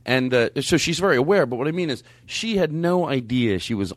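A man's voice: mid-range voice, expressive, fairly quick, no room sound. A man hosting a podcast, effusive and rambling, with many restarts. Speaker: podcast host. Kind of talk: casual podcast chat.

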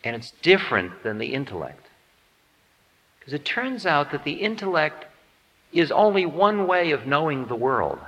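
A man's voice: fairly high pitch, very animated, normal speed, fairly bright tone. A man giving a humorous spiritual lecture in a musing, wry, self-mocking way. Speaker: spiritual teacher. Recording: dull lo-fi tape in reverberant hall.

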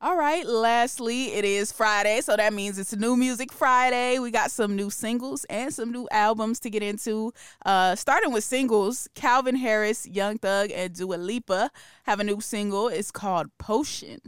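A relaxed woman co-hosting a music news podcast, easygoing and slangy in her delivery. Her voice is smooth and clear, recorded dry and close on a studio mic. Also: mid-range voice, normal speed, no room sound. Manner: relaxed, laughs easily, slangy. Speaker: podcast co-host. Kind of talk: casual news chat.

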